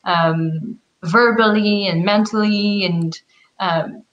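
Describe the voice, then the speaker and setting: A woman guest in a casual book discussion, speaking in a measured, thoughtful way and pausing to find words. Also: mid-range voice, steady tone, dull audio.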